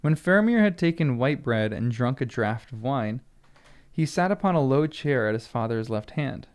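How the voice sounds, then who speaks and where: An American channel host reads from a fantasy novel, stopping now and then to laugh, muse, and chat. His medium-pitched voice is animated, clear, and resonant, and he keeps a moderate pace throughout this casual read-along.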